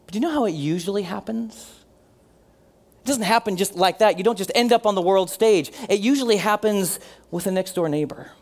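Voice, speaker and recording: A man preaching a sermon as pastor, earnest, slowing down and dropping his voice for emphasis, and leading the congregation in responses. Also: high-pitched. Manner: leads the congregation in call-and-response.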